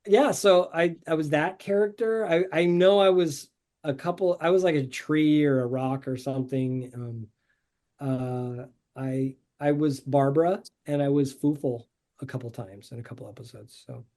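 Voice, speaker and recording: A man with a slightly high voice talks as a guest on a podcast. He rambles through his stories in an upbeat, easygoing way, coming through a video call. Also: normal speed, warm tone. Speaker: podcast guest, show artist. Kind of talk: casual interview chat.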